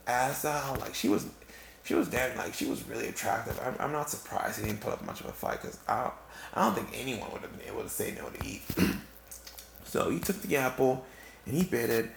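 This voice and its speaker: A man's voice: medium pitch, normal speed, creaky, a little hiss or hum. A man delivering a rambling comedic monologue, full of asides and restarts. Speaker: comic storyteller. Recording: roomy, with faint background ambience.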